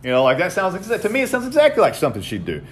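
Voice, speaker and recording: A man, chatting casually on a podcast and telling stories in a profane, animated way. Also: high voice, racing. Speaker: podcast co-host. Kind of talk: casual chat.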